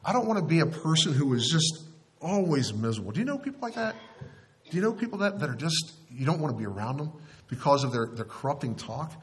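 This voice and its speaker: A man's voice: a little high, sing-song, quick pace. An older man, a pastor, preaching an earnest, conversational sermon in church with frequent restarts.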